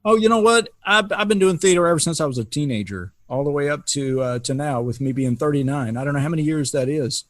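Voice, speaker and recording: A man's voice: fairly high pitch, fast talker, hardly any pauses, no room sound. A man in his fifties, a podcast co-host and stage actor, chatting and joking over a video call. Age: 50s. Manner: joking, self-deprecating, lively banter.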